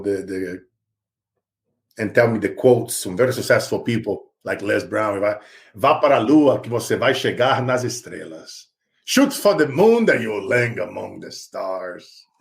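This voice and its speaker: In a lowish, gravelly voice, a man from Brazil with a Brazilian Portuguese accent shares fervent stories during an animated interview where he's a success speaker guest. He calls the host "bro" as he goes.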